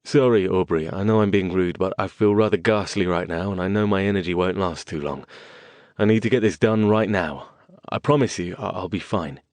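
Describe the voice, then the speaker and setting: A drained sorcerer in a rush, brushing off concern in clipped, courteous sentences, as a male narrator voices him. His voice sits low and the sound is close and dry. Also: a little mellow, dry recording, lightly acted. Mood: weary, urgent. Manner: clipped, hurried, apologetic. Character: tired, hurried English mage, adult man, polite but evasive.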